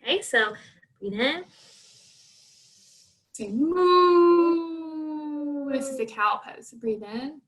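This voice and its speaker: Gentle woman instructor for kids yoga, high pitched, slightly off mic. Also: normal speed, far from the mic. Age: adult. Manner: gentle, encouraging, talks to a child.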